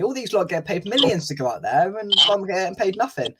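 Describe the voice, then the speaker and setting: A man's voice: sits high, big pitch swings, a little fast, fairly bright tone, slight background noise. Chatty man hosting a fan stream. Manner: chatty, laughs easily, reads out viewer comments. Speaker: fan channel host. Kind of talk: casual live-stream chat.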